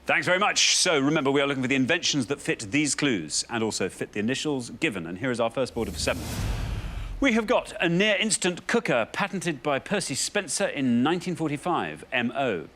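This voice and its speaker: A man's voice: mid-range voice, sing-song, fairly quick, a bit bright. A man hosting a television quiz show, reading clues aloud in a playful manner in a studio.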